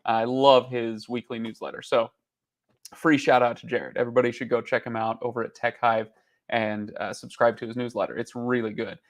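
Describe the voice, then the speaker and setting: A man's voice: medium pitch, level tone, moderate pace. A man in his thirties hosting a casual talk, rambling with many fillers and restarts while on the road. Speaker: channel host. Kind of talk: casual chat.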